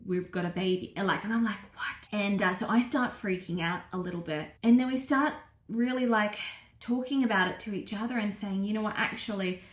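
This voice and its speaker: A young woman, telling a personal story to camera in a chatty, animated way with lots of fillers. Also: medium pitch, brisk, echoey room. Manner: chatty, animated, acts out quotes, many fillers. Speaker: vlogger.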